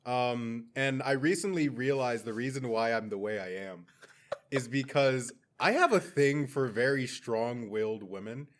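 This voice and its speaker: A man's voice: mid-range voice, measured pace. A young man co-hosting a podcast in casual chat, trading crude jokes and laughing often. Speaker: podcast co-host.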